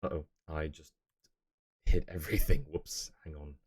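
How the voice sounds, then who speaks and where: A man's voice: very deep voice, fairly even intonation, moderate pace, a little mellow, breathy edge. A young man streaming live, chatting casually and rambling as he answers his viewers' messages.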